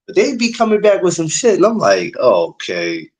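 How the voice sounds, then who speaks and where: A man's voice: high voice, wildly swooping pitch, normal speed. A man co-hosting a podcast in casual chat, laughing often and riffing on his partner's stories. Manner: laughs a lot, reacts and riffs on the story. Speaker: podcast co-host.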